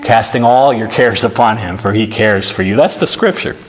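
A man's voice: fairly low pitch, moderate pace, slightly rough. Man preaching an earnest sermon. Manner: earnest preaching, animated, reads scripture aloud. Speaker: pastor. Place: church sanctuary.

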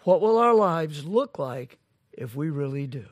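A pastor with a slightly high voice and lively intonation preaches a sermon on a muffled recording with no room sound. His delivery is slow, deliberate and emphatic, full of rhetorical questions.

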